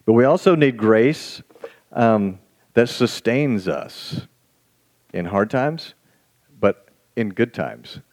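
A male pastor preaching a sermon in a fairly low voice. He talks in a folksy, self-deprecating way and slows down for scripture. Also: expressive, a little mellow. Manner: slow, deliberate scripture reading.

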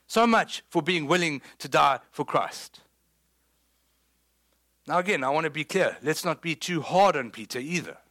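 A South African man delivers a sermon with a slightly higher voice. He tells the story with energy and humor, and breaks into the voices of the people he quotes. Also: lively intonation, moderate pace, fairly bright tone. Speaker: pastor.

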